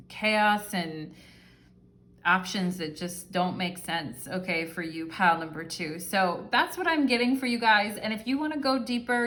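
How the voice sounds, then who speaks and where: A woman's voice: medium pitch, a bit bright. Chatty woman giving a tarot reading. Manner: chatty, affectionate, rambling with many fillers. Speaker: tarot reader. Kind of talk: casual pick-a-card tarot reading.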